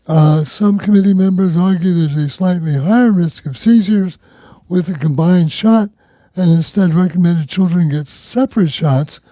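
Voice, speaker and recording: Dark-voiced male talk radio host. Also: sits high, normal speed, no room sound. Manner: conversational, wry, reads news items.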